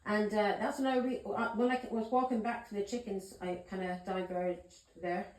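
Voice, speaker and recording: A woman's voice: medium pitch, steady tone, normal speed, a little mellow. Emphatic storytelling woman in echoey room. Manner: emphatic, swears, keeps asking "yeah?" and "do you understand me?". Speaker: tarot reader. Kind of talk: casual storytelling to camera.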